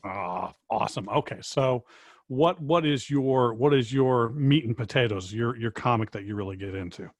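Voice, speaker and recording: A man hosting a casual interview, asking questions in a halting way and repeating words as he thinks. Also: mid-range voice, no room sound. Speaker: interviewer host.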